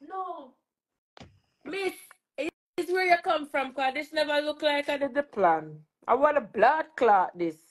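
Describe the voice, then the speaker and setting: A woman's voice: high voice, animated, unhurried. A woman with a Jamaican accent hosting a casual live stream, joking and laughing in patois.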